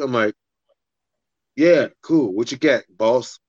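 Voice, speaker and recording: A man's voice: mid-range voice, takes it slowly, no room sound, lo-fi sound. Profane man telling a fight story. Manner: profane, animated, acts out the other voices in his story. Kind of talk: casual storytelling in a podcast chat.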